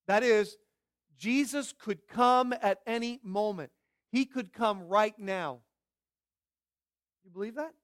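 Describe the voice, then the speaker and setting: A man's voice: sits high, slow pace, long pauses, a bit bright, no room sound, clean studio sound. A man preaching a sermon as pastor, emphatic and repeating key phrases for weight.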